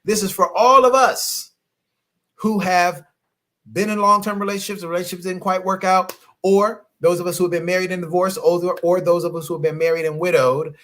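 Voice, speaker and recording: A middle-aged man coaching on relationships in a late-night live stream, animated and preachy, scolding his viewers playfully and laughing often. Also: high-pitched, brisk. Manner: fumbles with his phone while reading comments.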